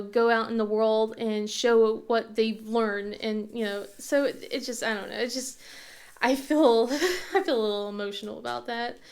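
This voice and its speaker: With a voice on the high side, this woman in her thirties hosts a crafting channel and talks in a loose, casual way. Her speech wanders, stumbles with fillers and restarts, and is sometimes tearful.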